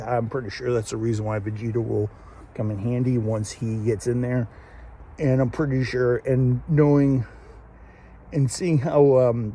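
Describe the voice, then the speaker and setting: A man's voice: medium pitch, warm tone, breathy edge. A man hosting a casual solo episode review, rambling with many fillers and restarts. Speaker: show host reviewing an anime episode.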